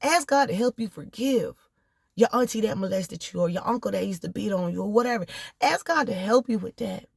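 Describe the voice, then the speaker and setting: A woman's voice: mid-range voice, animated, brisk, gravelly, husky, dry recording, studio quality. A woman, sitting in her car and giving a heartfelt, direct personal testimony that turns into preacherly encouragement. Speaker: vlogger sharing personal testimony. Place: inside a parked car.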